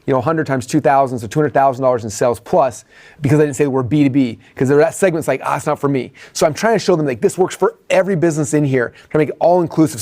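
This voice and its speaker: A man coaching others as he breaks down his own sales presentation, chatting rapidly and leaning on "like" and "right?". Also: fairly high pitch, dark tone. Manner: rapid, conversational, heavy on "like" and "right?".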